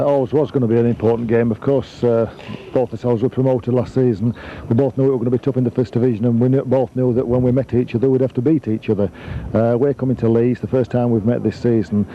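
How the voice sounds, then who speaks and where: Earnest club official, steady and halting, dull lo-fi sound with faint noise. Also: male voice, mid-range voice. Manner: measured, earnest, many "uh" pauses. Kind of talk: casual interview. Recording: muffled lo-fi recording with faint noise.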